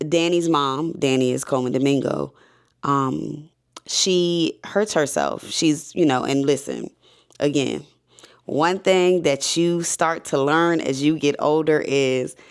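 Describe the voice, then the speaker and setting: A woman's voice: sits low, clean tone. A woman reviewing a TV series in a casual, enthusiastic way, chatting to viewers. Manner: enthusiastic, chatty, addresses viewers as y'all and baby. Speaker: show review vlogger.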